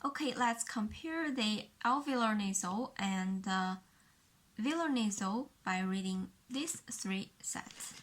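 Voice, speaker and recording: A woman with a Chinese accent, whose first language is Mandarin, teaches a pinyin lesson in a medium-pitched voice. She explains the sounds slowly and carefully, repeating each one for the learner.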